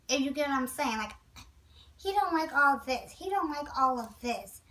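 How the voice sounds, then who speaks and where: High-voiced chatty woman vlogger. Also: normal speed, distant mic, a little hiss or hum, poor audio. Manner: chatty, animated, with asides to viewers. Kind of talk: storytime vlog.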